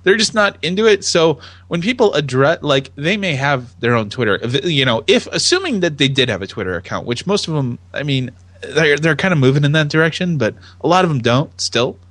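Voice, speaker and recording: Lively laughing male podcast co-host. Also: a little high, fairly quick, no room sound. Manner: animated, laughing often, quotes tweets in voices. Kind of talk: casual chat.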